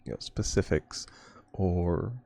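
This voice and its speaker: A man's voice: low-pitched, expressive, slow pace, gravelly, dark tone. A man streaming a game, chatting casually and rambling with frequent chuckles. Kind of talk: casual gameplay chat.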